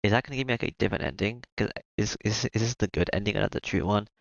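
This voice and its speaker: A man hosting a game playthrough, reading the text aloud haltingly with frequent stumbles and restarts between his own comments. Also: on the low side, gravelly, no echo, muffled recording. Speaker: let's play host. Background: game music.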